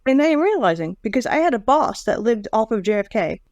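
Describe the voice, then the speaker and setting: A chatty middle-aged woman with a somewhat high voice trades wry jokes in a casual podcast about a book. Her voice is close and dry, with no room sound. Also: big pitch swings, quick pace, a little mellow, no echo. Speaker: podcast co-host. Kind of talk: casual book-discussion chat.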